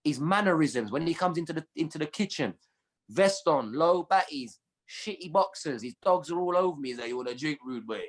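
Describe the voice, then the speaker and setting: Animated London comedian, slang-heavy storytelling. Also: male voice, fairly high pitch, normal speed. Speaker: comedian guest. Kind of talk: casual chat.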